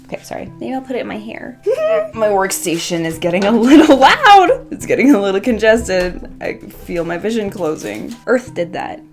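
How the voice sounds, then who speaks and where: A woman's voice: medium pitch, big pitch swings, moderate pace, soft background music. A young woman chatting playfully to camera while arranging flowers at her home workstation, swearing casually and talking to herself. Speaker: craft vlogger.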